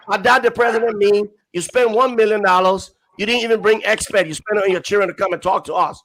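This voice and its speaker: A man's voice: high-pitched, fairly quick, fairly bright tone, a little hiss or hum, low-quality recording. A young Liberian man arguing hard on a forum panel, reading quotes aloud and driving home his points through repetition. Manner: emphatic, reads quotes aloud, repeats phrases. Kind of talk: impassioned political argument.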